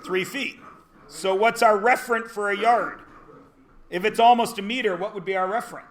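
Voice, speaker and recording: A man's voice: high voice, steady tone, moderate pace, a bit bright. A man teaching a classroom lesson, joking and quizzing his students as he goes. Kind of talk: classroom lecture.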